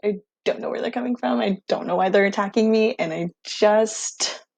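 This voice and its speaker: A young woman teacher telling her students a casual, animated story, excitable and full of "like". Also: medium pitch, normal speed, gravelly, a little hiss or hum.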